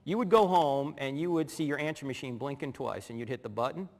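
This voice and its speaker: A middle-aged man giving a humorous teaching talk, telling animated stories, acting out voices and laughing as he goes. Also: medium pitch, fast. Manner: animated storyteller who acts out voices and laughs. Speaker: speaker. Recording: long hall reverb.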